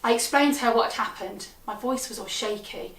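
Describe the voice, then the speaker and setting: Brief: a wry, deadpan woman storyteller with a fairly high voice, in an echoey room, mic set back. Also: fairly quick, far from the mic. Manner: deadpan, wry, punchy delivery. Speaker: comedian storyteller. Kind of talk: comic storytelling performance.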